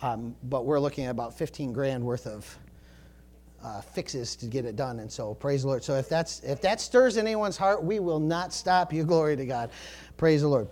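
A male pastor preaches expressively at a moderate pace, dropping low and quiet for emphasis and rising to fervent shouts when stirred. He peppers his sermon with "praise the Lord" and "glory to God."

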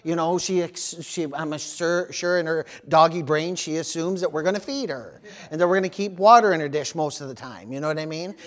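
High-voiced man preaching a sermon. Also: fairly quick. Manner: animated storytelling with amens and praise interjections. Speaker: pastor.

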